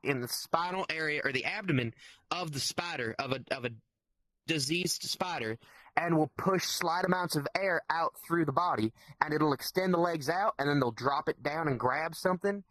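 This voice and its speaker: A man's voice: fairly high pitch, moderate pace, sharp tone, dry recording. A man, co-hosting a podcast, talking in a rambling, jokey way with many fillers. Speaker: podcast co-host. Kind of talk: casual chat.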